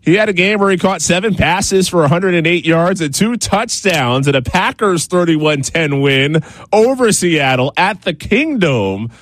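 A man anchoring a sports news show, reading scripted segments in a brisk, measured way. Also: sits high, animated, fairly bright tone, no room sound.

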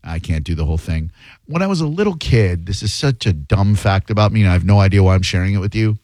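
A man's voice: low voice, animated, fast talker, a little mellow, no echo. A man hosting a talk radio show, chatting casually and making sarcastic jokes. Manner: joking, sarcastic asides. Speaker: radio host.

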